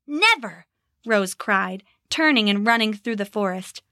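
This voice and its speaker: A woman narrating a storybook in an expressive, measured way. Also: mid-range voice, no echo, studio quality. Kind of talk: storybook reading.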